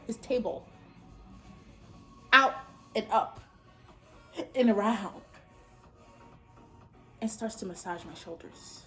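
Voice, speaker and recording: A sassy young woman in her twenties tells a story at home while doing her makeup, with faint music playing behind her. Her voice sits fairly high, and her pitch swings widely as she leaps into sudden outbursts. It sounds like a casual vlog. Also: lively intonation, slow pace, pauses often, a bit bright. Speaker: beauty vlogger.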